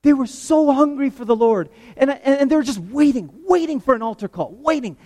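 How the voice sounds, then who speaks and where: A man from Canada preaching a testimony sermon, telling his story with animated, rising excitement. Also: a little fast, few pauses. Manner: animated storytelling, climbs high and loud when excited.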